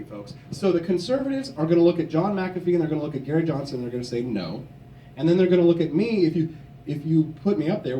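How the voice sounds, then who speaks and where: A young man from Missouri giving a forceful, combative campaign speech at a convention. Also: fairly high pitch, a little hiss or hum. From Missouri, USA. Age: young adult. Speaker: political candidate. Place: convention hall. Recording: echoey hall, from a distance.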